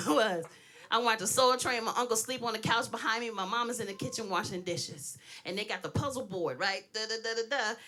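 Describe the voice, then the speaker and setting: Brash stand-up woman, out of breath, laughing through her lines, high and bright, AAVE. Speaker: stand-up comedian. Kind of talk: stand-up comedy set. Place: stage in front of an audience.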